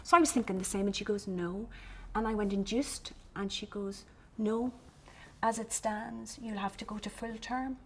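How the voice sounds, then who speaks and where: A young Irish woman in a documentary interview, recounting events in a lively way and quoting what others said. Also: medium pitch, moderate pace, a little hiss or hum. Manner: animated storytelling, quoting others.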